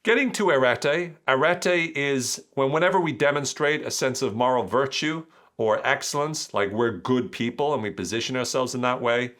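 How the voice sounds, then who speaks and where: An Irish man hosting an analytical commentary podcast, reading out quotes and explaining them, often dropping into quiet asides. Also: mid-range voice, normal speed. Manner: explanatory, reads quotes aloud then breaks them down. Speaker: podcast host.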